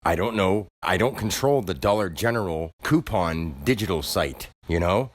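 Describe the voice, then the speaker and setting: Store clerk type, male, low voice, venting monologue; preachy, gets worked up, very animated delivery, dead-dry room. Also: moderate pace, dry recording. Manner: agitated, preachy, voice rising when worked up. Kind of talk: ranting monologue to camera.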